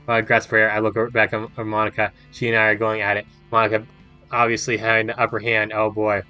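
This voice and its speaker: A young man reading a visual novel aloud with animated, swearing reactions as a gaming host. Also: on the low side, quick pace, lo-fi sound, faint music behind.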